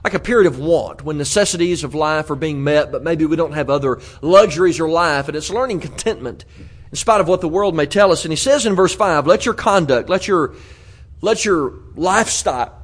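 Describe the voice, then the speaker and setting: A man with a notably high voice delivers an earnest sermon in a church. He talks in a conversational way, restarting phrases and repeating words as he goes. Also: a little fast. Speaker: preacher. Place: church auditorium.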